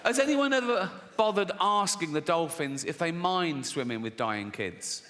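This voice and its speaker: A man's voice: a little high, lively intonation, moderate pace. A man doing live stand-up comedy on a theatre stage, mocking and swearing freely in a sardonic tone. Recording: echoey hall, loud audience noise.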